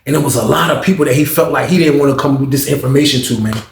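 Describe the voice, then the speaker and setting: A man's voice: medium pitch, racing, vocal fry, echoey room, slight background noise. A man telling a story in a loose, casual way, full of slang, with "man" and "bro" at the end of his lines. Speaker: storyteller recounting prison life.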